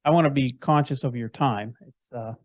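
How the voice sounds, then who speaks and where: A man's voice: medium pitch, normal speed, dry recording, dull audio. A man hosting a podcast interview, talking in an easygoing, rambling way with restarts. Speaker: podcast host. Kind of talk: casual interview chat.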